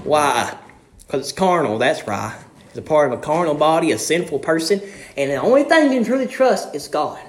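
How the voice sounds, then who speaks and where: A man's voice: big pitch swings, normal speed. Fiery young male preacher, roomy echo. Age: young adult. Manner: fervent, shouting refrains, big swings in pitch and loudness. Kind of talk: sermon.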